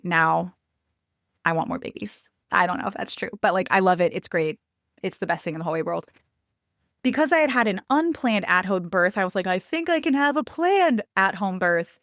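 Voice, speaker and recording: Animated woman telling stories on a dry mic. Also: dry recording. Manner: animated, acts out quotes with raised pitch; candid, conversational. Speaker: podcast host. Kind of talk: personal storytelling monologue.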